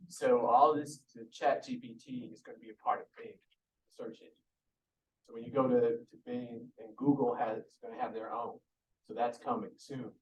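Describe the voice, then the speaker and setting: A man's voice: medium pitch, fairly even intonation, normal speed, a little hiss or hum. A man adding to a conference presentation, telling anecdotes in a conversational way. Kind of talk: conference talk. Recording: distant mic.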